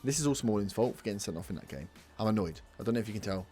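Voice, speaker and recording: A man's voice: fairly low pitch, animated, very fast, dark tone, soft background music. A young man commentating his football management game, scolding his players and swearing in frustration. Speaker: let's play host. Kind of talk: gaming commentary.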